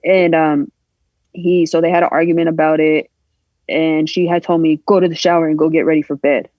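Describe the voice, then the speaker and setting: A woman guest on a podcast, candidly telling a personal story in a halting, emotional way, acting out the voices she quotes. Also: sits low, flat delivery, no echo. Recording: dull lo-fi sound.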